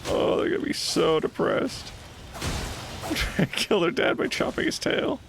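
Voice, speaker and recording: Laid back guy streaming a game, gravelly voice, slow and jokey, noisy mic. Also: high voice, very animated. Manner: playful, laughing, teasing the game. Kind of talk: casual live gameplay commentary.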